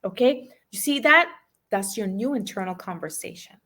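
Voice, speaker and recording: A woman's voice: medium pitch, animated, normal speed, fairly bright tone. A woman, a life and business coach, giving emphatic motivational podcast talk and urging listeners to repeat affirmations.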